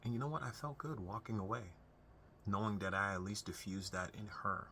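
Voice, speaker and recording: A man's voice: on the low side, fairly quick, bright, forceful tone, a little hiss or hum. A young man talking earnestly to camera, giving unscripted advice on family relationships in a conversational way with frequent restarts. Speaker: self-help video host.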